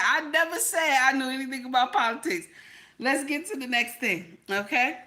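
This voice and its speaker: A woman's voice: high voice, normal speed, sharp tone. A woman vlogger chatting casually on a live stream, repeating herself and talking straight to her chat viewers. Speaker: vlogger reacting to videos and chat.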